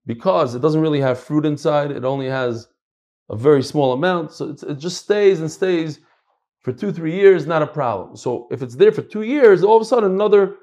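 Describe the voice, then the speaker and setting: Man, middle-aged, casual Talmud class, animated, loud and soft by turns, slightly high pitch. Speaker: Talmud teacher.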